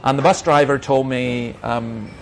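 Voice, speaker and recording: A man's voice: medium pitch, fairly even intonation, unhurried, slight background noise. A middle-aged man, a minister, answering questions in an emphatic, argumentative way and telling anecdotes.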